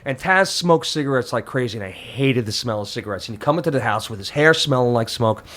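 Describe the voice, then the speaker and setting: Animated storytelling middle-aged man. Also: mid-range voice, fast talker. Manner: animated storyteller who acts out other people's voices. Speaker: guest, musician father of a host. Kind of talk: casual storytelling chat.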